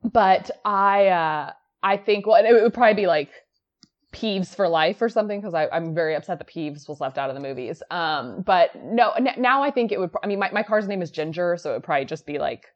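A woman's voice: lowish voice, expressive, fairly quick. Chatty woman on a dull lo-fi line. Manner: chatty, laughs often, many fillers. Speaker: podcast co-host. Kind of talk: casual chat.

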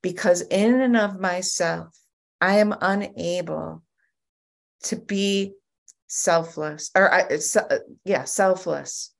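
A woman giving a personal testimony at a recovery group meeting over a video call, telling her story in an animated way with frequent restarts. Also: fairly low pitch, takes it slowly, gravelly.

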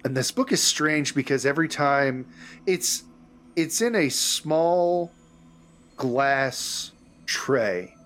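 A man narrating a tabletop game as game master, loose and unhurried, correcting himself as he goes. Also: medium pitch, animated, a bit bright, a little hiss or hum.

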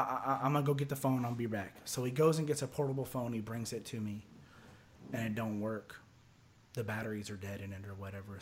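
A man from Texas spins a long, rambling tale as a podcast guest. He restarts his sentences and repeats himself often. He slips into other people's voices as he quotes them, at an ordinary male pitch. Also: slight background noise. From Houston area, Texas. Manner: rambling, repeats words, acts out others' lines. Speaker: podcast guest telling a story. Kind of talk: casual storytelling.

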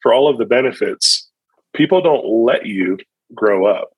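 A man's voice: medium pitch, animated, a little slow, slightly rough, no echo, low-quality recording. A man in his thirties, a pastor, talking reflectively in a podcast interview, often restarting his sentences. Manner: reflective, with frequent restarts and fillers.

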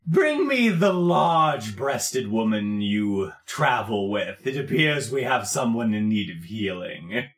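A man doing a slow, menacing crime boss. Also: fairly low pitch, very animated, echoey room, heavily acted. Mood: cold. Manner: slow, weary, menacing drawl. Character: cruel, pompous male crime boss.

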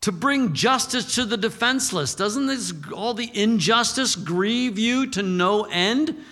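A man's voice: high voice, unhurried, sharp tone, long reverb tail. An older man preaching a sermon as a pastor, moving between fired-up exhortation and folksy storytelling.

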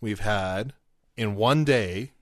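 A man's voice: lowish voice, takes it slowly, no echo. A man co-hosting a podcast in casual chat, dry and playful. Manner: dry, playful, puts on goofy announcer bits. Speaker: podcast co-host.

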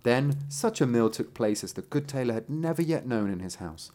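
Male podcast host reading folk tales aloud, expressive, lively pitch. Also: normal speed. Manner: animated, laughing, chatty asides. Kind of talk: fairy tale reading with casual banter.

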